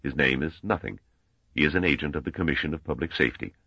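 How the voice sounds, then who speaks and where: A stern old male scholar, as a man reading a storybook puts him on, grave and measured, with a very deep, slightly husky voice. The recording is dry and dull. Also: bright, forceful tone, no echo, full character voice. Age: older.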